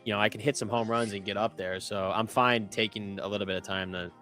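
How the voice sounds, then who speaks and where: A man's voice: on the low side, steady tone, fast, bright, forceful tone, soft background music. A young man trading on a live stream, talking loosely with many fillers and self-corrections. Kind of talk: casual chat.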